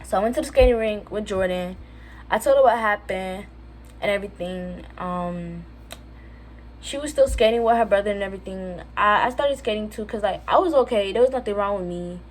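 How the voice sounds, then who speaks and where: Filmed on her phone camera, this teenage vlogger from Jamaica tells a storytime on her channel in a chatty, filler-heavy way, acting out what other people said in lively voices. Her mid-range voice moves a little fast, and there's a little hiss or hum.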